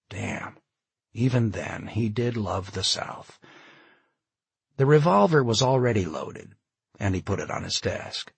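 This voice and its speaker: A man narrating an audiobook in an expressive, measured storytelling manner. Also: lowish voice, husky, no room sound.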